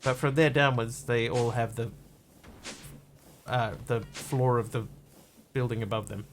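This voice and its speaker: Guy streaming a building game, rambly chatty talk, mid pitch, bit of clicking and faint hiss behind him. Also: measured pace. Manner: chatty, rambling, greets viewers with bursts of excitement. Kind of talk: casual game commentary.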